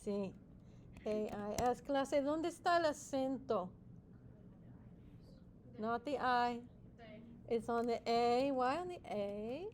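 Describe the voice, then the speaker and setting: High-voiced encouraging woman teacher. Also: lively intonation, takes it slowly, long pauses, slight background noise. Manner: encouraging, mixes in Spanish praise and playful nicknames for students; explains step by step with repeated check-in questions. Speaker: Spanish teacher. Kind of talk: classroom teaching. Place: classroom with students.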